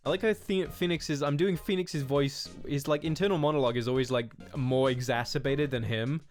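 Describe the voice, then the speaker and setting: A man's voice: mid-range voice, fairly even intonation, a little fast, few pauses, faint music behind. A man streaming a game with a stuffy, nasal voice, swearing and laughing as he reads and voices the lines. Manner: swearing, laughing, jumps into loud shouted lines. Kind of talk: casual game commentary and voice acting.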